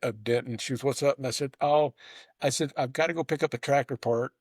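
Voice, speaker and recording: Male host, rambling conversational storyteller, stammers and restarts, mid-pitched, dry close sound. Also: fairly quick, darkish tone, dry recording. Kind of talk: casual conversation.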